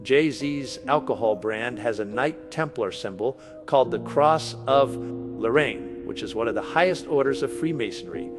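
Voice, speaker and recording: A man's voice: medium pitch, animated, a little slow, music in the background. A man delivering a conspiracy monologue in an assertive, declarative way.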